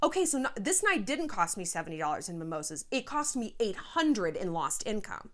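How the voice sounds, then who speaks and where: A woman giving frank, animated life advice in a casual vlog, a little short of breath and sighing now and then. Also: medium pitch, fairly quick. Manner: frank, animated, swears, slips into quoted voices.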